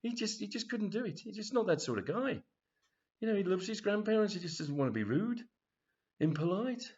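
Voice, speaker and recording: A man's voice: high voice, very animated, fairly quick, a little mellow. A man reading his own comic story in a rambling, chatty way with many restarts. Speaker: author. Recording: dull lo-fi recording.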